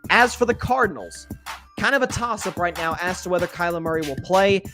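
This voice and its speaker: Hosting a solo sports talk show, a man speaks conversationally and offers opinionated predictions, often stammering and starting his sentences over. His voice is high-pitched and fairly quick, with music in the background.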